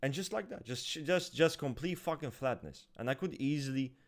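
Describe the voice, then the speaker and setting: A man's voice: mid-range voice, lively intonation, normal speed. Emphatic, cursing man in casual chat. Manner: emphatic and profane, restarts often.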